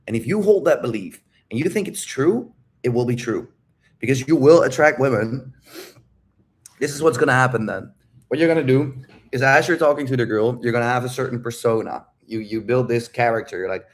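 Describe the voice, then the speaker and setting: A man's voice: mid-range voice, moderate pace. A man coaching on dating in a casual livestream Q&A, talking bluntly and with lots of swearing, repeating his key phrases and asking viewers directly if they follow.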